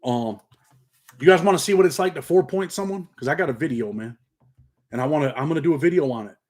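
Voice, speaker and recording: A man's voice: on the high side, quick pace, darkish tone. Casting: middle-aged upstate New York man, slight country twang, laid-back streetwise livestream host, says "man" a lot. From Rochester, New York. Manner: streetwise slang, peppers speech with "man". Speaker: channel host and paralegal. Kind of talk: casual livestream chat, reading comments.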